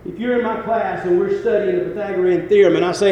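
Folksy preacher in echoing hall. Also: male voice, high voice, fast, muffled recording. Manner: folksy, rises to emphatic climaxes then drops quiet. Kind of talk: sermon. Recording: very echoey hall with faint noise.

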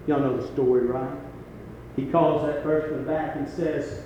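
A man preaching a sermon in a folksy way, rising to emphatic peaks and then dropping quiet. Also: on the high side, steady tone, unhurried, lo-fi sound. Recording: very echoey hall with faint noise.

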